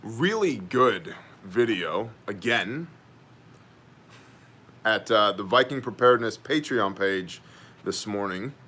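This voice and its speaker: Sardonic man, bright voice. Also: fairly low pitch, animated, slow, long pauses. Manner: sardonic, joking asides, reads chat aloud. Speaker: host of a daily news brief. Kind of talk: casual news commentary with live chat.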